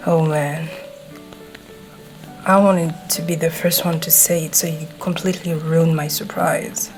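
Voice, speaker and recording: A brash, swearing teenage boy, voiced by a woman, talks straight to the listener in an audio role-play, his tsundere bluster slipping into fluster. The delivery is slow and drawn out, in a lowish voice. Faint music plays softly behind him. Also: flat delivery, poor audio. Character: gruff hot-tempered teenage boy classmate. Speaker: voice actor.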